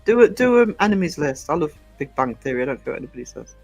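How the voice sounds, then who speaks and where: Man, livestream host, casual rambling chat, slightly higher voice, faint guitar music behind. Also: big pitch swings, fast talker, gravelly. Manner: rambling, hesitant, full of ums. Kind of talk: casual chat reading live comments.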